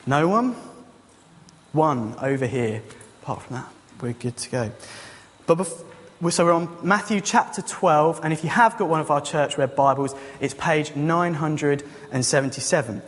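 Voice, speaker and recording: A man's voice: fairly high pitch, normal speed. Joking man preaching a sermon. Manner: casual, joking, conversational. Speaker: youth leader and preacher. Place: church hall. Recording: long church hall reverb.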